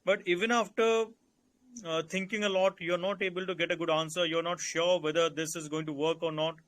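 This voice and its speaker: A man with an Indian English accent coaches candidates in a calm, instructive way and circles back to restate his points. His voice sits high and sounds bright and forward. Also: brisk. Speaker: interview coach. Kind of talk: advisory Q&A session.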